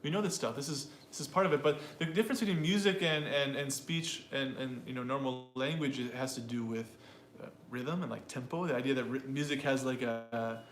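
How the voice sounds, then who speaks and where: A man's voice: medium pitch, a little fast, few pauses. Guy rambling thru an explanation, lots of restarts, echoey room w faint hum behind. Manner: rambling, restarts, playful demonstrations of voices. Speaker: co-host, English teacher. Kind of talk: casual explanatory chat. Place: room with a piano.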